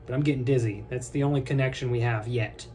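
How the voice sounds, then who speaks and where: A young man rambling casually to his viewers, joking one moment and halting the next. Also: medium pitch, fairly even intonation, darkish tone, slight background noise. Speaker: vlogger.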